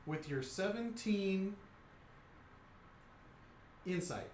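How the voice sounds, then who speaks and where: A man's voice: high-pitched, lively intonation, very slow, a little mellow, echoey room, a little hiss or hum. A man narrating a tabletop game as game master, playful and rambling.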